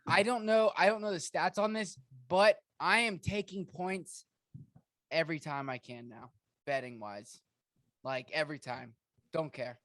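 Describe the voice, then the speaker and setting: A man hosting a casual fantasy football podcast, energetic and joking in quick banter with his co-host. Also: on the high side, dry recording. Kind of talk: casual sports podcast chat.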